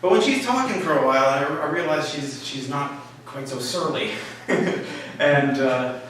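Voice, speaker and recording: A man telling a comic personal story at a live story slam, halting and full of fillers, with a wry, self-mocking manner. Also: a little high, fairly bright tone. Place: small live venue with an audience. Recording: echoey room, mic far off, faint hiss.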